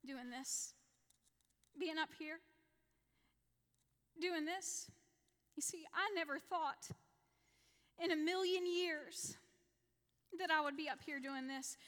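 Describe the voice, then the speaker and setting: A woman in her thirties, a women's ministry leader and speaker, gives an earnest personal testimony at a women's evening in a reverberant church hall. Her voice sits high with a steady, fairly bright tone and a measured pace, pausing often. She repeats key lines for emphasis and acts out her own prayers.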